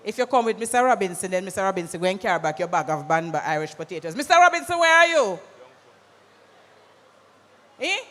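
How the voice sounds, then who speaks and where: An MC with a Jamaican accent hosting a live event, calling out loud directions to a crowd and slipping into patois. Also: mid-range voice, sing-song, brisk, long pauses. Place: large conference hall. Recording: hall reverb with music behind.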